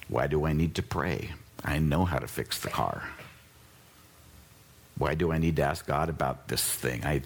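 A man preaching a sermon as pastor, talking casually and conversationally, jumping between excited high bursts and low earnest asides. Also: husky.

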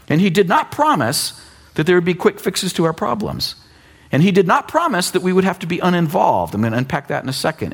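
Animated husky pastor in his fifties. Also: high-pitched. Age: 50s. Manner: animated, conversational, teasing asides. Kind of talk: sermon.

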